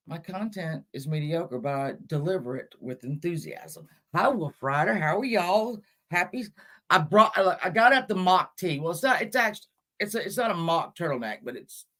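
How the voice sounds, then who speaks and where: A woman's voice: lowish voice, fairly bright tone. A woman hosting a casual livestream, chatting with her viewers in a scattered, chatty way, with cursing and self-mocking asides. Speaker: livestream host.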